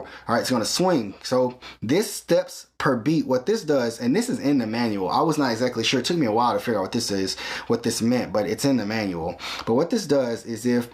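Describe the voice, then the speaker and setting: A man's voice: medium pitch, lively intonation, fairly quick. A man hosting a hands-on synthesizer tutorial, explaining patiently step by step and often checking in with "okay?".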